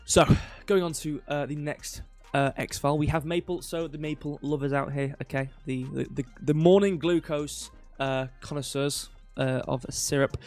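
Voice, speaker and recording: A man's voice: a little high, steady tone, moderate pace, few pauses, a little mellow, faint music behind. A young man hosting a casual crypto livestream, rambling with lots of fillers and offhand jokes. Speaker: crypto news host.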